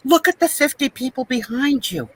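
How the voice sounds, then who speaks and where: A woman's voice: high voice, animated, normal speed, slight background noise, pitched above the performer's own voice, poor audio. A woman playing a weary young female pharmacy worker who sighs and complains over a video call. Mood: exasperated. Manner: sighing, complaining, exasperated.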